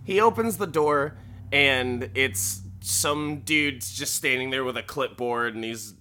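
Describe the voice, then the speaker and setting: A man's voice: mid-range voice, slow, bright, forceful tone, a little hiss or hum. A man casually recapping a show, rambling and swearing, laughing often and acting out characters' lines. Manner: rambling, profane, laughing, acts out quotes.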